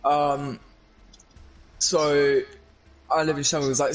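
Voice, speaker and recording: A young man, excitedly telling a story to friends in a casual, swearing, rambling way. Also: fairly high pitch, slow, pauses often. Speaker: gaming channel host. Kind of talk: animated storytelling chat.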